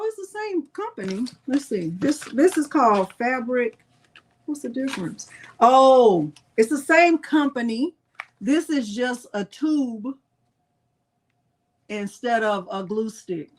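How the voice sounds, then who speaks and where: A woman hosting a casual live-stream crafting tutorial, chatting with viewers and reading product labels aloud. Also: fairly high pitch.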